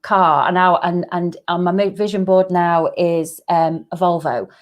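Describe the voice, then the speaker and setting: A woman's voice: fairly low pitch, steady tone, a little slow. Laughing middle-aged woman guest. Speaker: guest business coach. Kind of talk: casual chat.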